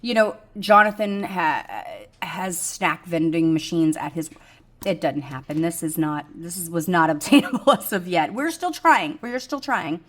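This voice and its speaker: Rambling woman, low-voiced budget chat. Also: moderate pace. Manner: rambling, frank, self-deprecating, with many ums. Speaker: budgeting vlogger. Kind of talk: casual chat to camera.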